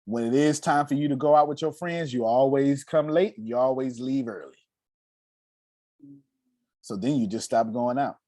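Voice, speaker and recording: A man's voice: mid-range voice, moderate pace, long pauses, darkish tone, dry recording, clean studio sound. A man coaching a group over a video call, blunt and profane, with emphatic delivery. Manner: blunt, profane, emphatic, acts out quoted voices. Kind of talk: motivational coaching talk.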